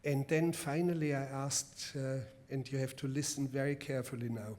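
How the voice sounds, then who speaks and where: A man with a German accent, a film director at a public masterclass, answering a question with a deliberate, emphatic anecdote. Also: medium pitch, fairly even intonation, a little mellow. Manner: deliberate, emphatic storytelling with restarts. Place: festival event before a live audience.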